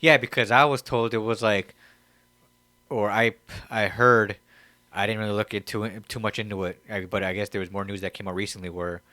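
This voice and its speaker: A man co-hosting a casual comedy podcast, rambling in slang, laughing often and breaking into high squeaky impressions. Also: fairly even intonation, a little fast, bright, forceful tone, no echo. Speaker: podcast co-host.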